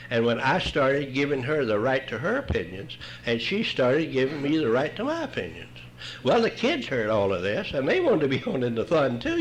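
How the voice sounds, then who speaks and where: A man's voice: medium pitch, a little hiss or hum, low-quality recording. An older man, telling his own story at a recovery meeting in a folksy, wry way. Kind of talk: humorous personal storytelling talk.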